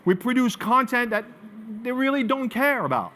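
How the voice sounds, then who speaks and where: A man from France with a French accent, giving a live marketing presentation to an audience as an animated storyteller who swings between loud emphasis and quiet asides. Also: very high-pitched, moderate pace. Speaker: marketing speaker.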